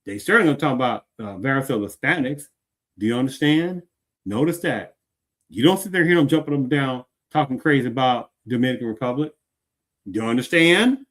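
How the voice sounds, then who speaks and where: A man's voice: mid-range voice, expressive, a little fast, fairly bright tone. A man hosting a show, giving heated commentary and repeatedly asking if the listener understands. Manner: emphatic, keeps asking "Do you understand?". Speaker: show host.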